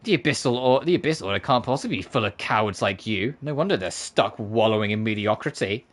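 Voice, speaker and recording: A man voicing a sharp-tongued, scornful elderly woman who runs an inn in a game, with cutting, mocking lines. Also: on the low side, lively intonation, quick pace. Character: sharp-tongued, scornful old granny innkeeper. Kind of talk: reading game dialogue aloud with voices.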